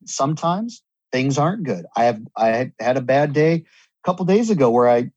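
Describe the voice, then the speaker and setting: Earnest rambling man, husky voice, dull recording. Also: mid-range voice, very animated, moderate pace, darkish tone, no room sound. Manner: earnest, rambling, repeats and restarts. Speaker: guest. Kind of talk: candid conversation about recovery.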